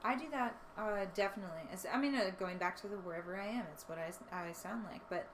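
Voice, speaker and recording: A woman's voice: mid-range voice, fast. A young woman musician guesting on a casual chat, laid-back with dry humor. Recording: noticeable background noise.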